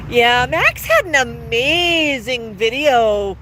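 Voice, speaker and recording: A woman hosting a live stream from her outdoor patio, gushing in sing-song praise to her pet bird and chatting casually into a phone camera. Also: sits high. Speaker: livestream host with her parrot. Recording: outdoor street traffic noise.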